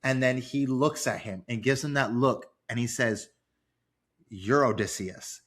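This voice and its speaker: A man as a guest on a casual movie podcast, gushing and enthusiastic, halting with feeling. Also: medium pitch, fairly even intonation.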